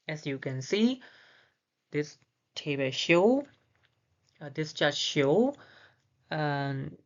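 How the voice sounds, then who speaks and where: Woman, language teacher, low voice, slow repetition, dull lo-fi recording. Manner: repeats each sound slowly, switching between Korean and English. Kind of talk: slow, careful beginner lesson.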